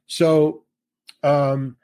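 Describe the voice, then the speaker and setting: An octogenarian New Yorker, guesting on a podcast, spins a rambling anecdote and performs the quoted dialogue as he goes. His voice is fairly high and clear, with a dark, resonant tone, little pitch movement, and drawn-out words.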